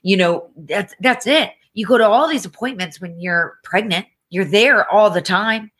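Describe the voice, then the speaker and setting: Speaking as a podcast guest, this woman has a husky, mid-range voice with a fairly bright tone and an unhurried pace. Her candid storytelling is emphatic and chatty, full of "you know" and "like."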